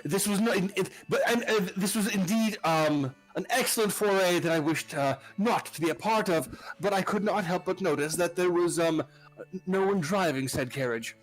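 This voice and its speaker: A man's voice: sits high, soft background music, low-quality recording. A man playing a bumbling archduke who rambles with constant ums and restarts in an improvised tall tale. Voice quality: halting, full of ums and restarts.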